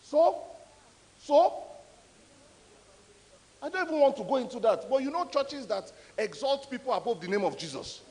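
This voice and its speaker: A man tells stories at a conference in a high, swooping voice, pressing hard on his points. His talk rings through a big hall with a long echo. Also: normal speed, long pauses. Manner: animated, emphatic storyteller. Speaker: conference speaker. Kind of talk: storytelling talk. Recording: echoey hall.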